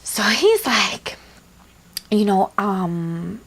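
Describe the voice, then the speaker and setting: Young woman, storytime vlogger, high voice, very lively pitch, profane, casual, acts out dialogue. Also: unhurried. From Latina. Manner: animated, profane, acts out both sides of conversations. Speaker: beauty vlogger.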